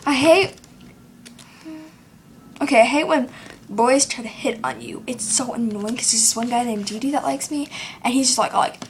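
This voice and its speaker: Teen girl vlogger, high bright voice, rambling home rant to camera, full of fillers. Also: normal speed, pauses often, a little hiss or hum. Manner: rambling, filler-heavy, acts out quoted people. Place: at home, seated in a chair. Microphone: self-recorded camera.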